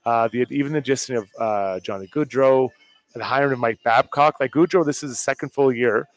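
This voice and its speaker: A man's voice: mid-range voice, brisk. A man co-hosting a sports talk show, giving plainspoken, opinionated hockey analysis. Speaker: co-host.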